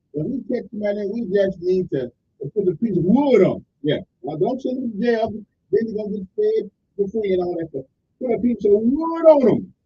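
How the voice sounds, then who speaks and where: A man's voice: sits high, husky, dull audio. A man hosting a radio talk show, rambling and opinionated in a folksy way, with many restarts. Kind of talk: casual call-in radio commentary.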